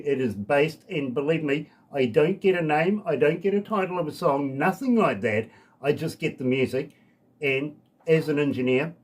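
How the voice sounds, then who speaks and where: A man from New Zealand hosting a radio interview, chatty and jokey, poking fun at himself. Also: mid-range voice. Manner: jokey, chatty, self-deprecating. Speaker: radio host.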